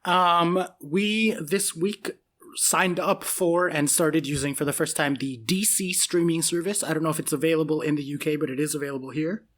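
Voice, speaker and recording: A man's voice: on the high side, steady tone, normal speed, fairly bright tone. A man co-hosting a podcast in casual chat, joking and bantering playfully. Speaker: podcast co-host.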